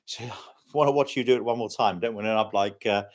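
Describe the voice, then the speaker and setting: A man's voice: lowish voice, fairly quick, voice pushed down, close to an everyday voice. A man voicing a timid, posh Englishman in a joke, with a prim and hesitant manner. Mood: wary. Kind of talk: telling a joke on a live stream.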